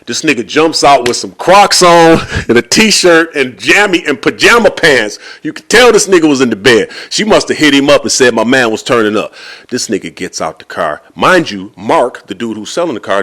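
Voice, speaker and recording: A man hosting a podcast, telling a story in a casual, animated way full of slang. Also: mid-range voice, normal speed. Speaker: podcast host.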